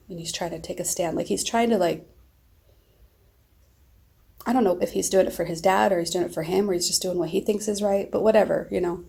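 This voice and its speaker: A woman's voice: lowish voice, fairly even intonation, fairly quick, gravelly, long pauses, mellow. A middle-aged woman vlogging, telling a friend a long personal story in a rambling, emotional way.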